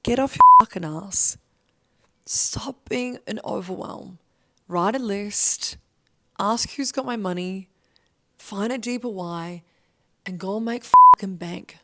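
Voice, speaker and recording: A woman's voice: medium pitch, slow pace, pauses often, sharp tone. A thirty-year-old woman, a business coach giving a motivational monologue, emphatic and swearing often.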